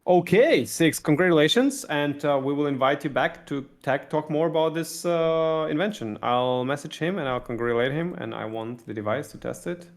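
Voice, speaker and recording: A man's voice: on the high side, animated, normal speed, hardly any pauses. A man with a Russian accent co-hosting a casual tech podcast, talking energetically with lots of repeated words and restarts. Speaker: podcast co-host.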